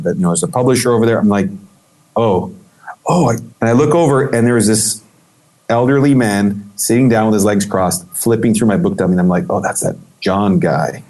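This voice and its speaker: A man telling a story in an interview as a guest, animated and acting out the voices he quotes, with many restarts. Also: mid-range voice, normal speed. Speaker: guest photographer.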